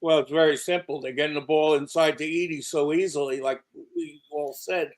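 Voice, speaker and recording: A man on a sports betting panel talks in a measured, matter-of-fact way. His voice sits slightly high. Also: expressive. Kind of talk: casual sports talk.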